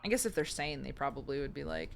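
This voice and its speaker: A woman's voice: a bass voice, expressive, fast, vocal fry. A young woman streaming a horror game, chatting playfully and joking with her viewers. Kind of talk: casual live game commentary.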